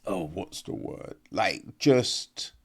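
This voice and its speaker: A man's voice: low-pitched, lively intonation, very slow, slightly rough. A man giving a casual, rambling podcast film review, exasperated, full of fillers and rhetorical questions.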